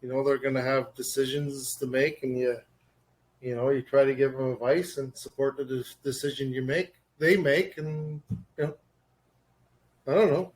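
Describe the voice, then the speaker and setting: A man's voice: medium pitch, little pitch movement, moderate pace, a little mellow. A man co-hosting a podcast, talking in blunt, opinionated rants with casual swearing. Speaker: podcast co-host.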